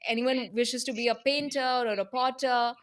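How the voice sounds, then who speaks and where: A woman's voice: fairly high pitch, steady tone, moderate pace. Polite, agreeable woman host. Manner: agreeable, polite, many fillers like "you know". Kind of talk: casual interview conversation.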